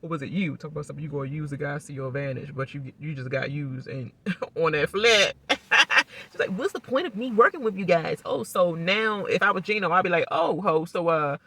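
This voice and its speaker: A woman's voice: low-pitched, slight background noise. A woman giving a casual, rambling reaction recap, blunt and salty, often laughing. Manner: rambling, animated, quick to laugh and mimic. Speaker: YouTube reality TV reactor.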